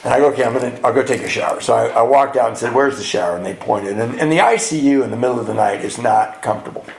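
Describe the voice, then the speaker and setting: Speaking quickly in a gravelly, mid-range voice, a man shares an honest account of his recovery at a men's retreat and voices the lines of the people in it. Slight background noise sits under the roomy echo of the retreat hall.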